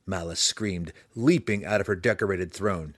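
Deep, expressive male audiobook narrator. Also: normal speed, dry recording, clean studio sound. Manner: dramatic, expressive reading. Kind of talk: scripted fantasy narration.

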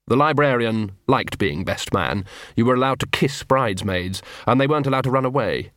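A man narrating an audiobook in a dry, measured storytelling manner. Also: medium pitch, animated, a bit bright, no echo. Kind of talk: scripted narration.

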